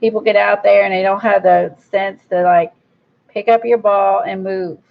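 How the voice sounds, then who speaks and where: A woman talks through her craft project in loose, rambling chat and speaks bluntly about her lack of patience. Her voice has a gravelly fry to it. The recording sounds dull and lo-fi. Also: medium pitch, steady tone, moderate pace. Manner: blunt, rambling, self-described impatient. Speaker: crafter vlogger. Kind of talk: casual chat while crafting.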